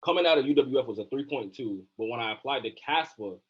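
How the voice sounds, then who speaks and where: A young man in his twenties, a physician assistant student, telling his story in a relaxed, casual interview with many fillers. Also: medium pitch, fast, husky. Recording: dull lo-fi sound.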